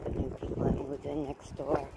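A woman's voice: low voice, flat delivery, moderate pace, creaky, heavy background noise. A woman chatting casually in a rambling, repetitive way while walking her dog and cooking, now and then baby-talking to the dog. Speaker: vlogger.

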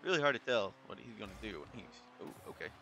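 Bright, lively male gamer narrating play. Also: quick pace, gravelly, a little hiss or hum. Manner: chatty, thinks aloud, jumps into excited high yelps. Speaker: YouTuber. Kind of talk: casual gameplay commentary.

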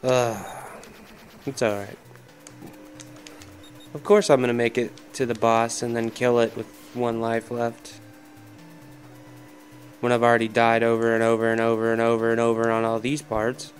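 A man's voice: medium pitch, level tone, moderate pace, pauses often, soft background music. A man commenting on his own video game play, swearing heavily and ranting in frustration. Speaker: gaming commentator. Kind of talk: angry let's-play commentary.

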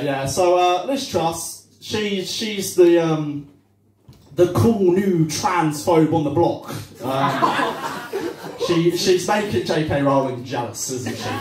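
A young man doing a stand-up comedy set, rambling and self-deprecating with lots of fillers. His voice rides a little high and moves around a lot at an unhurried pace. He is heard from a distance in a roomy live venue. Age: young adult. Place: cafe-bar comedy night.

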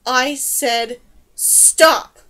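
A woman's voice: high-pitched, expressive, normal speed, fairly bright tone. A woman voicing a bold young heroine who commands animals. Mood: commanding. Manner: commanding, raises voice to order.

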